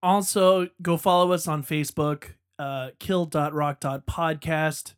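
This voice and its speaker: A man's voice: a little high, fairly even intonation, a little slow, smooth. A man hosting a podcast in a chatty, rambling, enthusiastic way. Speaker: podcast host. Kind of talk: casual podcast monologue.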